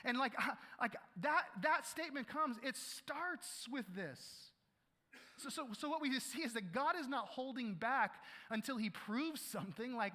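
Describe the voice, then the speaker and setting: A man preaching a sermon to a congregation, animated, often repeating words and acting out quotes. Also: very high-pitched, unhurried. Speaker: pastor. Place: church hall. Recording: live hall reverb.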